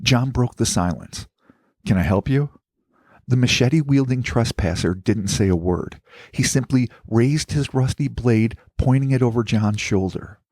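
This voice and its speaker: A man hosting a podcast, reading out a story in a measured, dramatic narration. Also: mid-range voice, darkish tone, no echo, studio quality. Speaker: podcast host.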